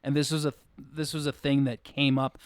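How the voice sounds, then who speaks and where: A man co-hosting a podcast in casual chat, retelling scenes in a relaxed way. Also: mid-range voice, moderate pace, dry recording. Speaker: podcast co-host.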